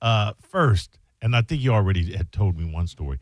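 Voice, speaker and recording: A radio co-host man who weighs in haltingly, restarting his sentences and reaching for mock-formal phrases. His pitch rises and falls a lot, and the studio sound is dry and close. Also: animated, no room sound. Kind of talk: casual talk radio.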